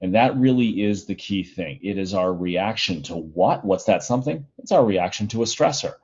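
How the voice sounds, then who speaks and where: A middle-aged male high school teacher giving a casual, chatty recorded lesson from home, with plenty of fillers. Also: animated, moderate pace, a little mellow, husky, dull audio.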